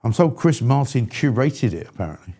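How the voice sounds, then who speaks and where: A man's voice: mid-range voice, big pitch swings, fairly quick, gravelly, heavy background noise. A man hosting a live talk show, speaking bluntly and with exasperation, in an irascible style. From England. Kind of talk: opinionated live show chat.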